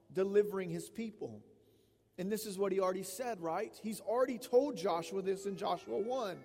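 A man in his thirties preaching an expository sermon in a conversational, emphatic way, often tossing in quick "right?" asides. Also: high voice, darkish tone. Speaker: pastor. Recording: long reverb of a large hall.

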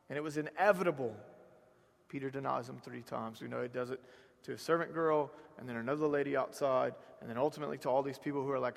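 A man from South Georgia with a Southern accent, preaching a sermon as a pastor. He swings from hushed lines to loud, rising ones and repeats words for emphasis. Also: mid-range voice, quick pace, vocal fry, in a large hall.

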